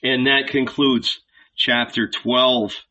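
A man reading a novel aloud as the regular reader, slow and deliberate, closing with an affectionate sign-off. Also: medium pitch, flat delivery, sharp tone. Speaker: audiobook reader. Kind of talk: scripted narration.

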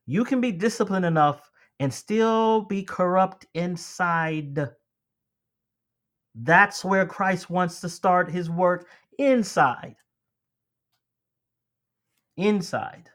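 A man preaching a sermon with a slightly higher voice than most men. He talks to his listeners like friends, pushes his key lines up with emphasis, and then drops back to a calm, conversational tone. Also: takes it slowly. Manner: addresses listeners as beloved and friends.

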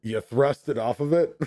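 A man in casual podcast chat, laughing often and halting with fillers as he talks. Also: medium pitch, mellow, no room sound.

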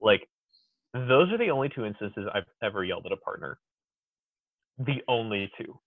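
A man as a podcast guest in casual chat, an animated, exuberant storyteller. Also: lowish voice, moderate pace, no room sound. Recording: tinny phone-like dry sound.

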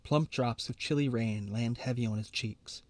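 A man's voice: medium pitch, moderate pace, darkish tone, dry recording. Man reading a story, dry and close. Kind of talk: fiction reading aloud.

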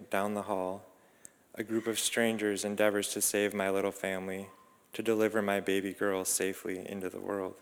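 A man reading a reflective first-person story in a calm, measured, introspective way. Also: fairly low pitch, clear, resonant tone. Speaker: narrator. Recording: long reverb.

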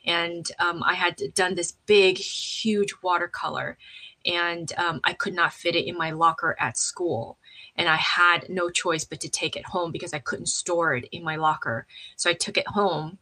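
Bright-voiced woman telling her story. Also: on the low side, unhurried, poor audio. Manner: animated, acts out quoted voices; frequent fillers and restarts. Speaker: interview guest. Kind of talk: personal storytelling.

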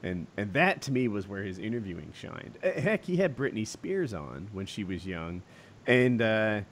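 Animated man in casual chat. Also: lowish voice, moderate pace, a little hiss or hum. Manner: animated storyteller, acts out quotes, laughs often.

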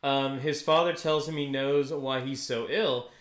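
A man's voice: medium pitch, steady tone, unhurried, reverberant. A man co-hosting a podcast in a casual chat, rambling and restarting his sentences, often breaking into laughter. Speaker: podcast co-host.

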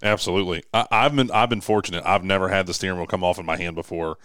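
A man with a lowish, smooth voice hosts a podcast interview and reassures his guest in a relaxed way. His voice sounds close and dry. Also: fast talker, no echo. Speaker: podcast host. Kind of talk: casual interview chat.

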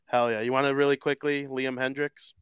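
A man hosting a casual sports podcast, joking and excitable as he talks. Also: mid-range voice, brisk, clean tone, no room sound. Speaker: podcast host.

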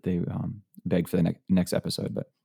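A man co-hosting a podcast in casual chat, relaxed and easygoing, a little sleepy this early in the morning. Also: sits low, a little fast, creaky, husky. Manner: relaxed, easygoing, thoughtful with fillers. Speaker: podcast co-host, high school teacher.

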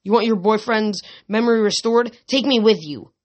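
Reader doing an ancient sorceress, scheming, haughty, theatrical, pitched up, loud, audiobook reading. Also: normal speed, lightly acted. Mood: threatening. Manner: theatrical, mocking, then shrill and threatening.

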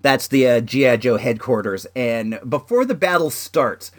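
A chatty man talks to his camera in a loose, easygoing way, his voice leaping high and dropping low as he gets excited. His pitch sits in an ordinary middle range. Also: normal speed. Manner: laid-back and chatty, full of "like" and "dude"; excitable, voice jumping up and down. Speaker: toy collector reviewing action figures. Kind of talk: casual chat to camera.

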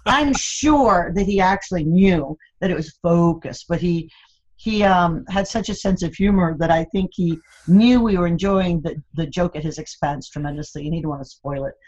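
A woman's voice: fairly low pitch, normal speed, a little mellow, lo-fi sound. Chatty older woman telling laughing stories. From Florida, USA. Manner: chatty storyteller, laughs often. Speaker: guest. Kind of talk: casual interview chat.

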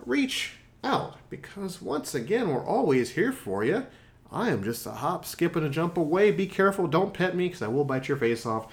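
A man's voice: a little high, very animated, moderate pace. A man playing a boastful male fox who hosts a podcast, rambling through a comedic improvised monologue full of self-mocking jokes and asides. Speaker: podcast host.

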